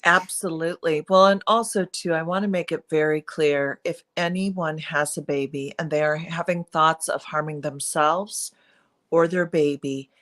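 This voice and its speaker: A middle-aged woman with a lowish voice talks openly in an interview. Her delivery is earnest and confessional, and she leans into emphatic, pleading phrases when she urges listeners to act. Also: steady tone, moderate pace, a bit bright. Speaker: guest, perinatal mood disorder speaker. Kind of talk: candid interview conversation.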